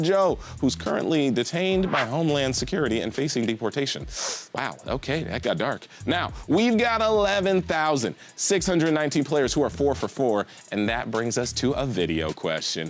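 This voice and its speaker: Man, trivia host, lively jokey delivery, pitch leaps around, faint music underneath. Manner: jokey, animated, goofy asides. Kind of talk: live mobile trivia hosting.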